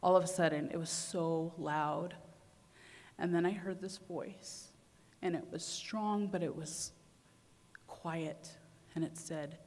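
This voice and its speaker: A woman's voice: lowish voice, fairly even intonation, measured pace, a little mellow. A young adult woman giving a conference talk, telling a personal story and acting out her own inner voice with feeling. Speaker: conference speaker. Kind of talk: personal story told to an audience. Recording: long hall reverb.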